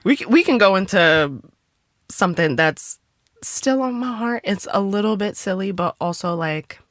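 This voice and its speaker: A woman's voice: mid-range voice, expressive, normal speed, no echo, clean studio sound. A woman co-hosting a podcast in casual chat, talking candidly and freely with swearing and laughter. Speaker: podcast co-host.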